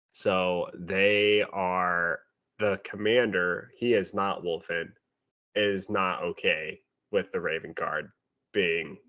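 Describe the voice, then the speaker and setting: A man's voice: low-pitched, bright, forceful tone. A man co-hosting a casual book review podcast, talking sarcastically and mimicking characters as he retells scenes. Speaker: podcast co-host. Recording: dull lo-fi audio.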